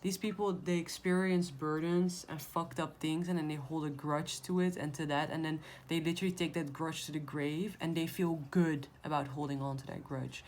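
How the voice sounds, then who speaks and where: A woman with a somewhat low voice talks straight to her viewers as she reads tarot cards. She is blunt and emphatic and swears freely in a casual tone. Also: darkish tone, a little hiss or hum. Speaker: tarot reader. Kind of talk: casual tarot reading to camera.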